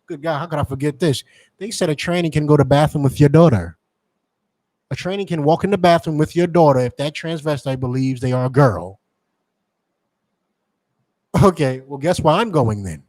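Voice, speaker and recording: Forceful man preaching, slightly high voice. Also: moderate pace, pauses often, no echo, poor audio. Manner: forceful, repetitive, rhetorical questions. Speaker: teacher addressing members. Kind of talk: street-preacher style sermon.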